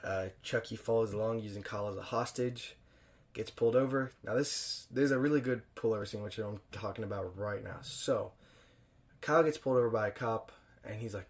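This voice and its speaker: A young man hosting a podcast, reviewing a film alone in a loose, profane, chuckling way and jumping louder for emphasis. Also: on the low side, brisk. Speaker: podcast host. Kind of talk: casual solo film review.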